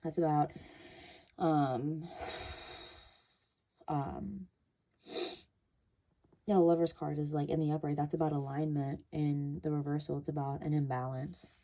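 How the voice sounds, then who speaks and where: A woman's voice: deep voice, flat delivery, measured pace, long pauses, dark tone. A woman giving a casual tarot reading, chatty and loose, with many fillers and casual swearing. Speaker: tarot reader.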